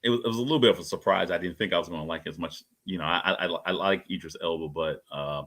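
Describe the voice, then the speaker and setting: Male co-reviewer, low voice, talks fast, rambling and halting. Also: a bit bright. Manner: rambling, halting, repeats words. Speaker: co-host and reviewer. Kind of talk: casual panel review chat.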